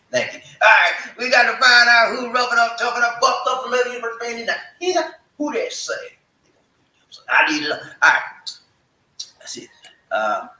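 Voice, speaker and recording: A man's voice: lowish voice, pushed and bright. A man hosting a live stream, hyping viewers with call-and-response chants and preacher-like fervor. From American South. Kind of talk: hyped live stream chat. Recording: echoey room, mic at a distance.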